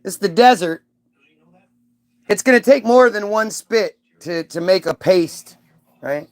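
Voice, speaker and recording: A man's voice: high-pitched, lively intonation, takes it slowly. A man giving a rambling, profane, irreverent comedic rant as an online commentator.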